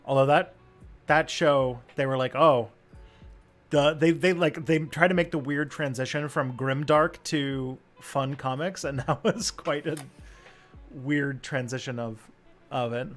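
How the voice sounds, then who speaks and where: A man hosting a casual chat, relaxed and hesitant, often laughing as he speaks. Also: mid-range voice, a little slow, soft background music. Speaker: host.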